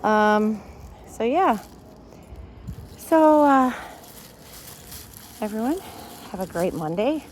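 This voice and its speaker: A woman's voice: a little high, big pitch swings, drawn-out words, pauses often, darkish tone. Middle-aged lady rambling on a dog walk, phone mic, bit of street noise outside. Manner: chatty, venting, lots of fillers. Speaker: vlogger. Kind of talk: casual walk-and-talk vlog. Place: outdoors on a neighborhood street, walking dogs.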